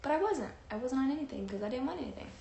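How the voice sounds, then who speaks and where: Talking very fast with lively intonation, a young vlogger chats her way through a long personal story, sprinkling in fillers and performed quotes. Her voice sits high and creaky, and the recording has a roomy echo with faint noise.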